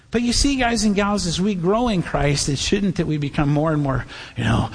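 A man's voice: a little high, expressive, moderate pace, gravelly, few pauses, slightly rough. A male pastor preaching a sermon in a conversational, joking way, speaking straight to the congregation. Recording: long hall reverb.

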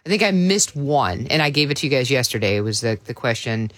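A woman's voice: extremely low pitch, expressive, quick pace, no room sound. A woman hosting a morning radio show, chatting and telling stories in a casual, easygoing way. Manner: chatty, storytelling, laughs easily. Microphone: studio microphone.

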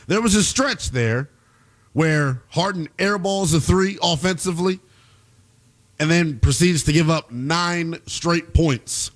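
A man with a high voice hosts a basketball show, delivering emphatic commentary that swings from loud outbursts to quick asides.

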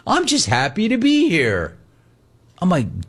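Man, sports radio host, lively swooping pitch, playful, slightly high voice. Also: slow pace, long pauses, husky. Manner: animated, playful, mocks callers' voices.

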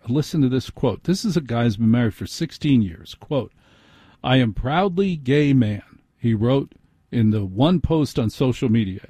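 A man on a talk radio show, ranting with sarcastic scorn. His voice is dark and mellow, a little husky. The studio sound is dry. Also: mid-range voice, no echo. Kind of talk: opinionated talk radio monologue.

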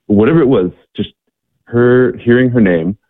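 A man's voice: medium pitch, normal speed. A man telling a story as a guest, hesitant, with many fillers and restarts. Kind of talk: storytelling in conversation. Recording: tinny phone line.

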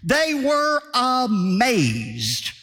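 Emphatic preaching pastor in a reverberant hall. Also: male voice, extremely high pitch, huge pitch swings, extremely slow, sharp tone, faint music behind. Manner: emphatic, repeats key phrases, rhetorical questions. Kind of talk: sermon.

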